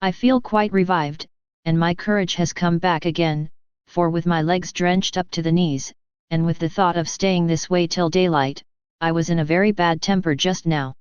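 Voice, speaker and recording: A woman reading the lines of a frank, hearty widowed farmer in even storybook dialogue. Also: lowish voice, normal speed, clean tone, dry recording, natural voice. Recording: slightly dull, dry recording.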